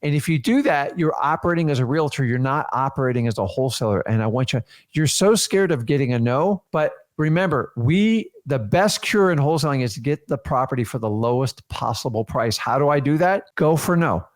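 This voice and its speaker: Energetic man coaching a live training. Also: medium pitch, fairly quick, few pauses. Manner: energetic, emphatic, acts out seller dialogues. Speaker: real estate wholesaling coach.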